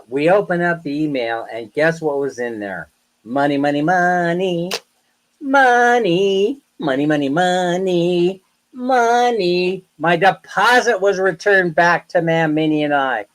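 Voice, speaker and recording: A man hosting a live stream, rambling through animated stories in casual chat with viewers. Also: fairly high pitch, poor audio. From United States. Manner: rambling, animated, chatty storytelling. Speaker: livestream host.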